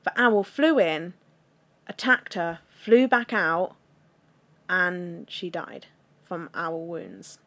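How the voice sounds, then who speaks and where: Lively laughing woman podcaster. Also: lowish voice, slow. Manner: laughs often, teasing and animated. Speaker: podcast co-host. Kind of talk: casual chat.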